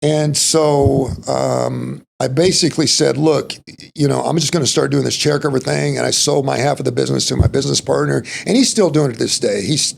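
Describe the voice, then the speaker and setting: A middle-aged Texan with a Texas accent appears as a podcast guest, telling stories in a rambling, folksy, casual interview style loaded with "you know" and "like." His medium-pitched voice is brisk and fairly even, with vocal fry and a little hiss or hum in the audio.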